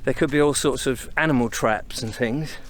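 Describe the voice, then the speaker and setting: A man's voice: mid-range voice, normal speed, a little hiss or hum. Slightly breathless man chatting on a walk. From England. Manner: chatty, rambling, thinks aloud while walking. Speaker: vlogger on a country walk. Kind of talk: casual walking commentary to camera. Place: misty countryside footpaths outdoors in winter. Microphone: camera on a tripod, set up and carried along.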